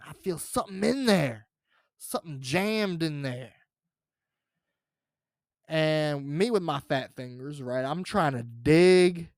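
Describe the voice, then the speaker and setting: A man spins a comic story on his podcast, drawling slowly while his pitch swings up and down a lot. He rambles and curses freely, full of fillers and restarts. The sound is close and dry. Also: no echo. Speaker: podcast host.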